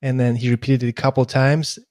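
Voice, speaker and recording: A man from Russia hosting a podcast, speaking in a casual, halting way with stammered restarts. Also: medium pitch, flat delivery, a little mellow, no echo, clean studio sound. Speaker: podcast host. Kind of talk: casual interview chat.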